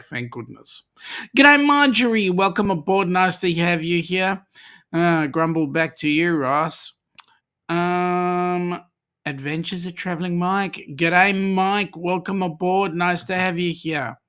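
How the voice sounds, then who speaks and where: A fairly high, fairly bright voice belongs to a middle-aged Australian man hosting a laid-back live-stream chat. He keeps things jokey and talkative, reading viewer comments aloud.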